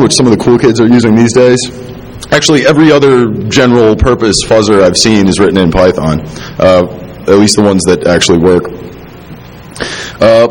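A man giving a technical conference talk, halting with many fillers and restarts, dropping dry self-deprecating asides, a little tipsy from drinking. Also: lowish voice, darkish tone, rough recording. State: tipsy, drinking while talking. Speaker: conference speaker. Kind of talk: technical presentation.

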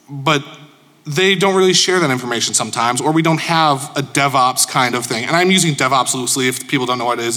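A man's voice: medium pitch, bright, forceful tone. A man from Chicago giving a casual, joking conference presentation to an audience, informal and self-deprecating. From Chicago, USA. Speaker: conference speaker. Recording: echoey conference hall.

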